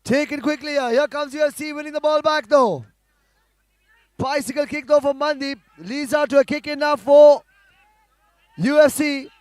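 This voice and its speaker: A man giving live play-by-play commentary on a football match, calling passes quickly and rising to shouts at goals. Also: very high voice, steady tone, dry recording.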